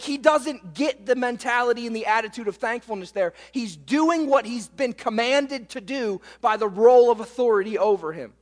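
High-voiced preacher in a reverberant hall. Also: male voice. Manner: emphatic, with frequent rhetorical questions to the listeners. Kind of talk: sermon.

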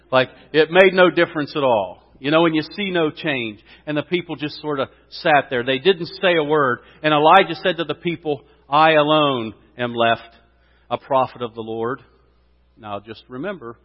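A man preaching a sermon in church, telling a story with lively, rising exclamations. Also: medium pitch. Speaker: pastor. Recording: dull sound, long hall reverb.

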